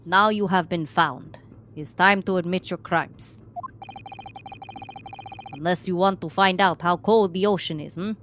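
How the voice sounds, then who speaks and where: A gruff, threatening male sailor speaking in a heavy mock Russian accent, as a woman puts him on. The voice sits low for a woman and delivers each line slowly, like a cold interrogation. She voices him for a game read-along on stream. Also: fairly bright tone, a little hiss or hum. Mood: menacing. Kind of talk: voicing a game character on stream.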